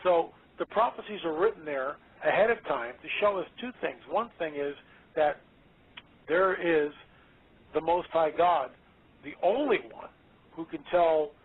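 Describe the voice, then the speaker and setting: A man speaking as a guest on a radio interview, emphatic and excitable, often repeating his words. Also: on the high side, breathy edge. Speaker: guest author. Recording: tinny phone line.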